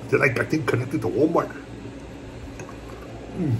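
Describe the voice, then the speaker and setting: A man in a casual home eating vlog, rambling along in a relaxed, repetitive way as he talks to his viewers. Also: mid-range voice, a little slow, creaky, noisy background. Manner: laid-back, rambling, repeats "my brothers" and "puppy". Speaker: mukbang vlogger. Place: at home, indoors.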